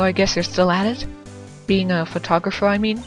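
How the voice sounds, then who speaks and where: A woman's voice: mid-range voice, normal speed, soft background music. A woman giving casual, dry, sarcastic commentary while playing through a game and reading its dialogue. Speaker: let's play narrator.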